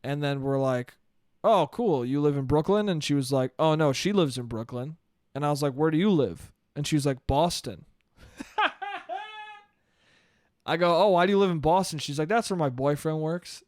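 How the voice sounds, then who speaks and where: A man's voice: a little high, moderate pace, long pauses, no room sound, studio quality. A man around thirty rambling through a casual solo podcast, swearing often, mocking himself and laughing at his own stories. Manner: rambling, swearing, self-deprecating, laughs a lot. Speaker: podcast host.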